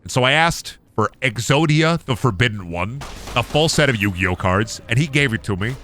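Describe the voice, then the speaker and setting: A man's voice: medium pitch, lively intonation, normal speed, bright, forceful tone. A young man live-streaming a game, rambling goofily and joking as he plays. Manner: goofy, rambling, sings and jokes. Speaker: gaming streamer. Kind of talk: casual live-stream commentary.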